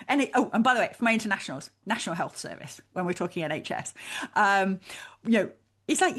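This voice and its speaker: A woman working as a life coach, talking animatedly in a coaching conversation and quickly acting out bits of inner dialogue. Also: on the low side, very animated, slightly rough.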